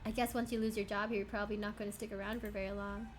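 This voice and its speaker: A woman's voice: medium pitch, level tone, very fast, faint music behind, lightly acted. A woman voicing a guarded small-town coal miner in a folksy, defensive way, reading game dialogue aloud.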